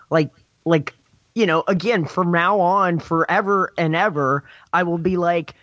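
A man co-hosting a casual film discussion, ranting in an animated way with lots of "like" and restarts. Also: a little high, normal speed, dry recording, lo-fi sound. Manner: animated ranting, heavy use of "like". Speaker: podcast co-host.

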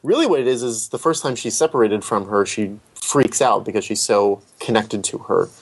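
A man's voice: lowish voice, lively intonation, moderate pace, husky. A man discussing a film as a critic in a casual conversation, thoughtful, often restarting his sentences. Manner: thoughtful, many restarts and hedges.

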